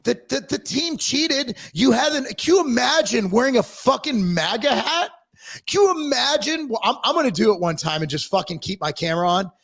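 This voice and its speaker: A man ranting casually on a podcast livestream, profane and animated as he tells stories. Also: very high voice, fairly quick, gravelly. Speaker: podcast co-host. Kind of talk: casual political rant.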